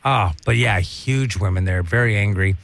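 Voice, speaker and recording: A man's voice: on the low side, moderate pace, vocal fry, background noise. A man, a stand-up comedian, telling rambling, profane stories in casual chat.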